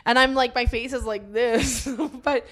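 A young woman with a slightly high voice co-hosts a casual comedy podcast. She tells stories in an animated way and breaks into laughter often. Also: unhurried. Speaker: podcast co-host.

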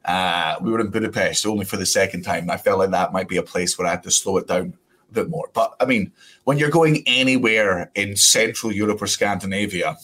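A man's voice: low voice, a little fast. A man with a Scottish accent, a comedian chatting as a podcast guest, laughing often and swearing freely. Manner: laughing, swearing, lively storytelling. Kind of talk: casual podcast chat.

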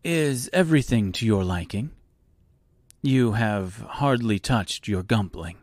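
A man's voice: lowish voice, animated, takes it slowly, darkish tone, no room sound, studio quality. A man putting on a pompous creepy storyteller. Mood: boastful. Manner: grand, boastful and theatrical. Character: pompous, lonely, creepy male storyteller host.

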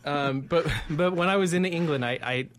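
Self-mocking male podcast storyteller, slightly high. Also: moderate pace. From Colorado. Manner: self-deprecating, animated storyteller. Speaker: podcast co-host. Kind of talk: casual podcast chat.

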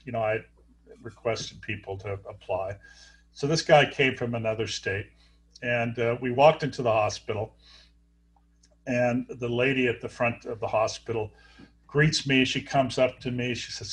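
A middle-aged man, a surgeon, telling stories in an interview, halting often with fillers and restarts. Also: mid-range voice. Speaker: guest, neurosurgeon. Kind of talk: storytelling interview talk.

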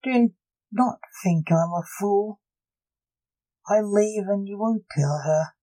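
A reader voicing a stern old male necromancer, a grandfather, in slow, measured storybook speech. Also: mid-range voice, warm tone, close to an everyday voice, rough recording. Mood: threatening.

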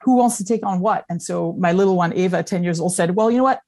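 A middle-aged woman speaks as a guest in a relaxed conversation. Her voice sits a little low, and she tells a hard personal story openly, moving between emotion and wry humor. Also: quick pace. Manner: candid, emotional, storytelling with self-deprecating humor. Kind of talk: casual conversation.

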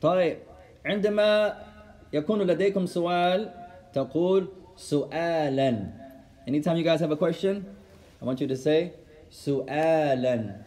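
Fast-talking male teacher. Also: fairly high pitch, a little mellow. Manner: switches quickly between Arabic and English, repeats words for the class. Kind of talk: classroom lesson. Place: classroom with students.

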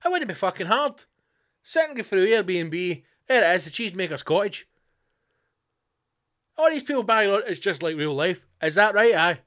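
A Scottish man hosting his own podcast, ranting sarcastically with constant swearing, swinging between loud outbursts and low mutters. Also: big pitch swings, normal speed, pauses often. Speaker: podcast host. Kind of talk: profane comedic rant.

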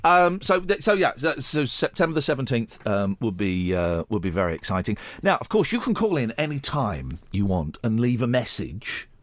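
A man's voice: mid-range voice, very animated, moderate pace, few pauses, dry recording. A man hosting a podcast, teasing his co-host with casual, mildly sweary banter.

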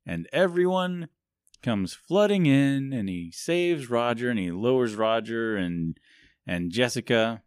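Speaking a little slowly in an expressive, clear, resonant voice of medium pitch, a man co-hosts a podcast and wanders through a movie recap. He laughs often, fills gaps with "like," and jokes at his own expense. The studio recording is dry.

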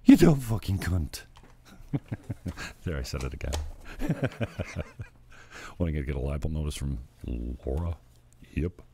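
A man's voice: a bass voice, very animated, a little slow, vocal fry, long pauses, dark tone, slight background noise. A male show host ranting casually, blunt, profane and mocking. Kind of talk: casual crude comedy rant.

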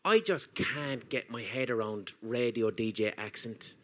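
A man's voice: mid-range voice, animated, measured pace. A man hosting a podcast, chatty and swearing as he tells stories. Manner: chatty, swears, laughs at his own stories. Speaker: podcast host. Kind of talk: casual chat.

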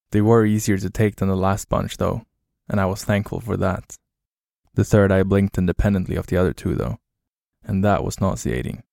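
A man narrating a horror story in a flat, grim, low-key way. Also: creaky, dry recording, studio quality.

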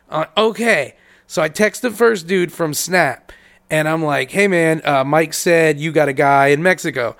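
A man's voice: fairly high pitch, normal speed, gravelly, fairly bright tone. A young man on a podcast, telling a long story casually, swearing and acting out both sides of each conversation. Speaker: podcast co-host.

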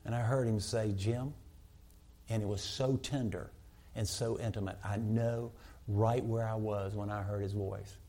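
A man preaching a sermon as pastor in a church, rising to loud emphatic peaks and dropping to hushed, tender lines. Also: fairly low pitch, fairly even intonation, normal speed.

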